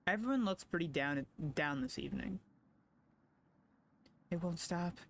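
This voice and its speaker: A man's voice: sits high, lively intonation, creaky, a bit bright, slight background noise. Man reading a story game aloud on stream. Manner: reads game text aloud, reacts with quick asides.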